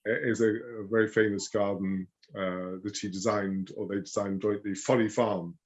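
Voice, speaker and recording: A man speaking as a rose expert in a casual chat, hesitant with many fillers, often trailing off softly. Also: fairly low pitch, flat delivery, normal speed. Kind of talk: casual video-call chat.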